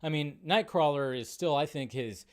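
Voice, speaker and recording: Male host, high voice, exasperated ranting movie news commentary on a live stream. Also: moderate pace. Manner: ranting, exasperated, talks to viewers.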